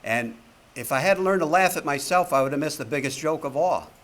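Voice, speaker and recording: A man's voice: on the high side, expressive, brisk, fairly bright tone. A man in his seventies giving a talk to a recovery meeting, telling jokes and stories with a wisecracking manner and plenty of swearing. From Connecticut, USA. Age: 70s. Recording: faint background noise, archive talk recording.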